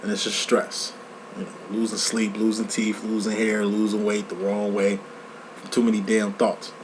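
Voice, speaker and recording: A man giving a casual tarot reading, talking in a profane, slang-heavy, animated storytelling way. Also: on the low side, normal speed, background noise. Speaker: tarot reader. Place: lives in Chicago.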